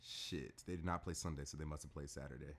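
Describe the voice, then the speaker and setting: A man's voice: extremely low pitch, fairly even intonation, fast talker, fairly bright tone. A man hosting a casual sports podcast, rambling with fillers and swearing freely.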